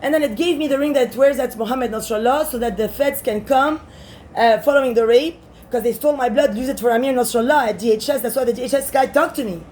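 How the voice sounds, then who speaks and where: High-voiced agitated woman ranting. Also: fast, a little hiss or hum. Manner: agitated, profane, jumps between topics, bursts into shouting. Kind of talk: rambling monologue to camera.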